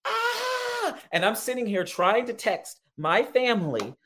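A man, a pastor and interview guest, telling a personal story in an excitable way, often laughing and repeating himself. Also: sits high, moderate pace.

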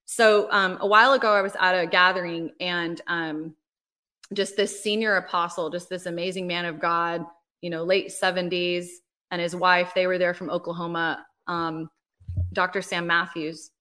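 A woman, a ministry leader, talking casually as a podcast guest, telling a personal faith story in an animated way with lots of "like" and "right?". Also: lowish voice, normal speed. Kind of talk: casual interview, personal testimony.

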